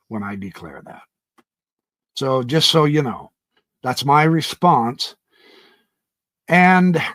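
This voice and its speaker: A man with a voice on the high side hosts his own reaction channel. He talks emphatically and indignantly, often stumbling as he starts sentences, and there's no room sound.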